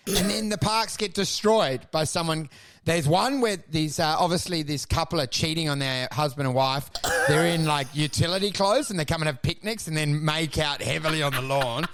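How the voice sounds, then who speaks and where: Comic co-host, bright, tense voice, absurd storyteller. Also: male voice, on the high side. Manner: absurd, self-deprecating storytelling. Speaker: podcast co-host. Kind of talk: comedic podcast rant.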